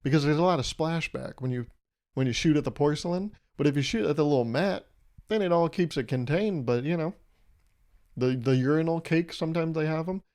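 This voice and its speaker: A man's voice: fairly high pitch, a little fast, darkish tone. Brief: young male podcast host, solo comedic rant, crude and meandering, amused at his own jokes. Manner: rambling, crude, self-amused riffing. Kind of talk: casual comedic monologue.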